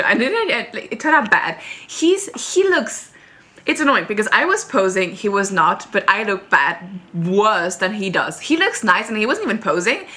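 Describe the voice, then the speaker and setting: A young woman vlogging at home, telling a story in a rambling, animated way full of fillers. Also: mid-range voice. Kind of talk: casual storytime chat to camera. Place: at home, moving between rooms.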